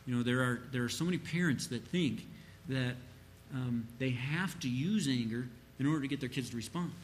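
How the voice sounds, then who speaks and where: In a brisk, mid-range voice with a little hiss or hum behind it, a man gives an informal, sermon-like church talk on parenting in response to a question. He fills it with rambling fillers and acts out quoted parents.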